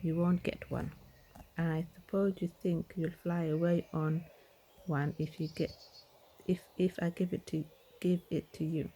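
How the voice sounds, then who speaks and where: A woman's voice: lowish voice, level tone, measured pace, mellow, a little hiss or hum, rough recording. A woman whispering a grumpy, suspicious man behind a door in a storybook whispered role-play. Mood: irritated. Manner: irritable, suspicious.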